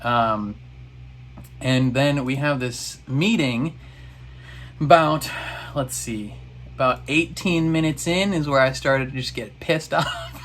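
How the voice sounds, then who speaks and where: A man's voice: mid-range voice, takes it slowly, long pauses, a bit bright, slight background noise. A man in a casual reaction video, recapping an episode in a rambling, exasperated way.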